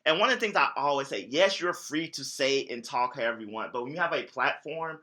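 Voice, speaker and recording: Bright-voiced man with a mid-range tone. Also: medium pitch, fairly quick. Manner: relaxed, earnest, fills with "you know" and "like". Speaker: podcast co-host. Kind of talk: casual chat.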